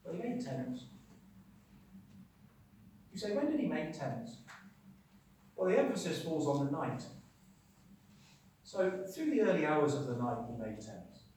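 A man preaching a sermon. He talks emphatically, asks rhetorical questions and swings between loud and quiet. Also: mid-range voice, big pitch swings, measured pace, long pauses, distant mic, a little hiss or hum. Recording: very echoey hall, speaker away from the mic.

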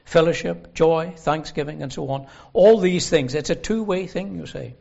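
A man preaching a sermon in a gospel hall, earnest and emphatic, slowing down to stress the scripture he quotes. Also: on the high side, vocal fry, a little mellow. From Northern Ireland. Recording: dull lo-fi sermon recording.

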